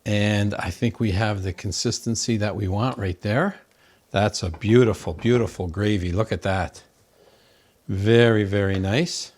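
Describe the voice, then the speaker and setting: Guy doing a cooking demo in his kitchen, lowish voice, takes it slow, lots of oh my goodness. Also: a little mellow. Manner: gushing, exclaims over the food, talks to viewers as folks. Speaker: cooking show host. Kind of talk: home cooking demonstration. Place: home kitchen.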